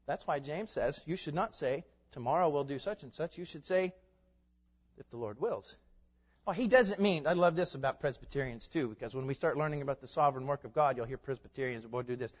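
A man preaching a sermon, animated, with loud emphatic peaks and laughing asides. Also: a little high, fairly quick. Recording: dull reverberant hall sound.

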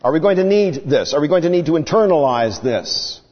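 A man delivers a sermon a little fast, his slightly high voice lively in intonation as he dramatically voices the people in the story. The sound is dull and carries a long reverb.

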